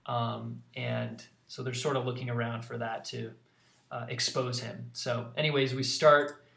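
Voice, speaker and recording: A man casually pitching storyboards in a rambling way, full of fillers. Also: little pitch movement, a little slow, gravelly, fairly bright tone. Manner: rambling, filler-heavy narration. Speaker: storyboard artist. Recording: roomy echo.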